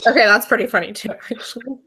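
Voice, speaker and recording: Young woman, bright voice, animated, teasing, casual co-host. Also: a little high, fast, breathy edge. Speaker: podcast co-host. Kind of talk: casual chat.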